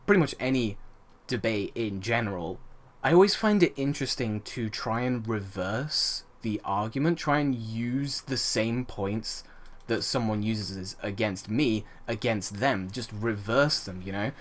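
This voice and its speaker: A man's voice: on the low side, unhurried. A young man hosting a let's play, ranting over gameplay with indignant rhetorical questions and the odd swear. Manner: frequent fillers and restarts, swears.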